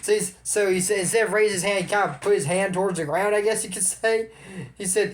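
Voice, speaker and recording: A man's voice: high voice, brisk. A man casually retelling a cartoon episode, rambling with asides and opinions. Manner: chatty, opinionated. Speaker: show recap commentator.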